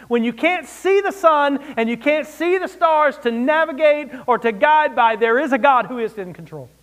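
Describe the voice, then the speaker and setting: A man preaching a sermon, expressive, rising and dropping for emphasis, with wry asides. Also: extremely high pitch. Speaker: pastor.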